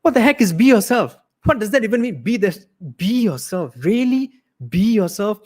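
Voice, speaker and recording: A young man from Malaysia performing a livestreamed stand-up set, acting out characters. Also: normal speed. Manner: animated, acts out characters with big pitch swings. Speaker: stand-up comedian.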